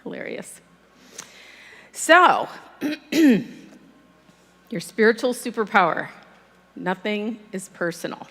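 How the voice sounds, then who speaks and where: Bright-voiced woman giving a sermon. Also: mid-range voice, big pitch swings, slow, long pauses, husky, in a large hall. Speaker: guest speaker. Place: church hall.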